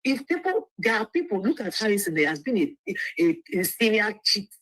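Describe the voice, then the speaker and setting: A woman's voice: mid-range voice, very animated, fairly quick, a bit bright, rough recording. A woman, a lawyer speaking as a guest on a livestream, earnest and often restarting her words. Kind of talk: livestream interview.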